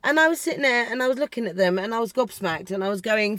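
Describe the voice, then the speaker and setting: A woman's voice: fairly high pitch, sing-song, fast talker, few pauses, fairly bright tone, no room sound. A woman hosting a podcast, delivering a heated, sweary, sarcastic political rant. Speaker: podcast host.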